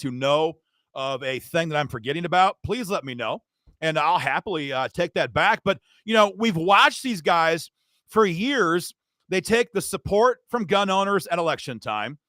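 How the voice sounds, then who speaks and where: An impassioned man hosts a live advocacy stream, railing indignantly and calling his viewers "guys." His voice sits fairly high for a man, and the sound is dry and close with no room around it. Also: sharp tone, dry recording. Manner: fired-up, indignant, speaks straight to viewers as "guys". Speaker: advocacy livestream host. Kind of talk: impassioned political livestream rant.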